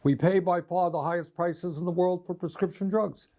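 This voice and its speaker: A man's voice: sits high, steady tone, normal speed, dark tone. An older man, a senator, speaking earnestly and in a complaining tone in a clip from a political speech.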